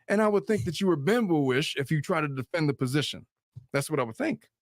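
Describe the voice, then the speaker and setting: A man's voice: fairly high pitch, lively intonation, a little fast, no echo, clean studio sound. A man hosting a casual podcast chat, talking bluntly and animatedly and swearing freely. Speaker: host.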